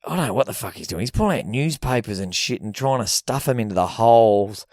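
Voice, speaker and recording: A man's voice: mid-range voice, animated, quick pace, a little mellow, no room sound, studio quality. A young Australian man co-hosting a podcast, telling a long rambling story in casual chat, swearing freely and acting out the people in it. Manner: rambling, swears freely, acts out voices in his stories. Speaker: podcast co-host.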